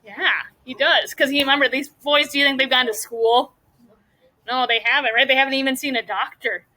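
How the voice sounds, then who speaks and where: Lady teacher reading a chapter book to the class, bright voice, a bit high, stops to quiz the kids. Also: fairly even intonation, low-quality recording. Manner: pauses to question students about the story. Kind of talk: reading a novel aloud to a class.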